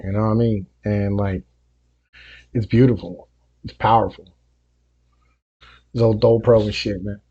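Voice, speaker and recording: A man's voice: lowish voice, fairly even intonation, unhurried, long pauses, husky, dull audio. A man hosting a music reaction video, talking in a profane, rambling rant full of fillers. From Appalachia. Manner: profane, rambling, full of fillers like "you know what I mean"; grows heated and louder as he rants.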